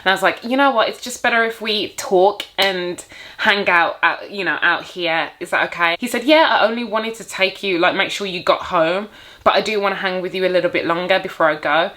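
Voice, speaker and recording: Bright-voiced young woman telling a story. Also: mid-range voice, a little fast. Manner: animated, acts out her own reactions. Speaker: vlogger. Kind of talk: casual storytime chat.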